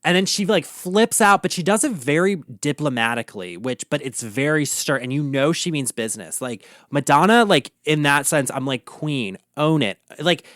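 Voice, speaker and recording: A man hosting a podcast, ranting about pop culture in an animated, profane, gossipy way. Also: on the high side, moderate pace, hardly any pauses, no echo, studio quality. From Baltimore area, USA. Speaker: podcast host. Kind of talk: casual pop-culture rant.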